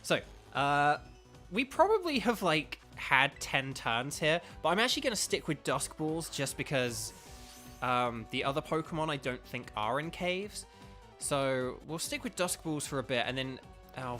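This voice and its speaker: This young British gaming streamer has a mid-range voice that sounds pushed and bright. He rambles casually to his stream viewers as he plays, with plenty of fillers.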